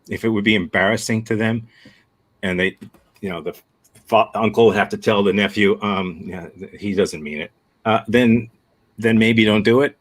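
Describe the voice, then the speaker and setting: A man from the States teaching improv, his voice sitting low. He talks over a video call, answering a student thoughtfully and bluntly. He circles his point with halting starts and restarts. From United States. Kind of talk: answering a student's question in a workshop.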